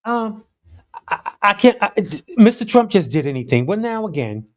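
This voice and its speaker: A man giving casual, animated commentary on the news, talking straight to his viewers with open disbelief. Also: high voice, normal speed.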